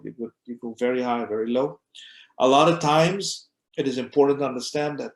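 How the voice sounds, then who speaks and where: A man, an imam, teaching a class in a conversational way, often repeating words as he goes and acting out short examples. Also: mid-range voice. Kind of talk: conversational lecture. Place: mosque classroom. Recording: echoey room.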